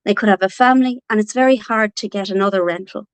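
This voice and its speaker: A woman's voice: mid-range voice, fast talker, clean tone, dry recording. A woman from Donegal with an Irish accent, an author talking earnestly as an interview guest, with many fillers and restarts. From Ireland, Donegal. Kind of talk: casual interview talk.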